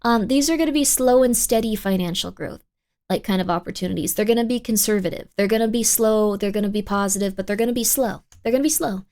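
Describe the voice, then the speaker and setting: A woman's voice: mid-range voice, fast talker, darkish tone. A woman streamer in casual livestream chat who rambles through tarot readings and thanks viewers by name.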